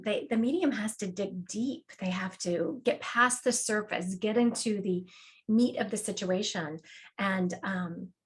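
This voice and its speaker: A woman hosting an interview podcast, talking in a chatty, emphatic way about her work as a medium. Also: medium pitch. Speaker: podcast host, psychic medium. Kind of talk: casual interview talk.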